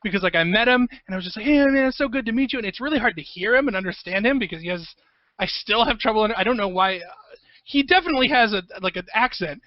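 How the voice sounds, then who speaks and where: A man, a composer guest, telling stories in a rambling, profane, excitable way in a casual interview. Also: high-pitched, quick pace, dry recording, lo-fi sound. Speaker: guest, video game composer.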